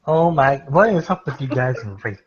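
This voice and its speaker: A man's voice: mid-range voice, animated, moderate pace. Exasperated young man on a dull noisy mic. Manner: exasperated and emphatic. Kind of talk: casual group chat on a voice call. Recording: dull lo-fi mic with clear noise.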